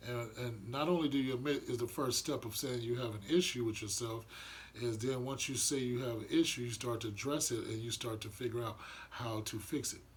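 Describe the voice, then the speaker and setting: A man's voice: mid-range voice, a little fast, slight background noise. A man giving an earnest, rambling monologue about spiritual matters, often restarting his sentences. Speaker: vlogger sharing spiritual views. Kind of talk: casual reflective monologue.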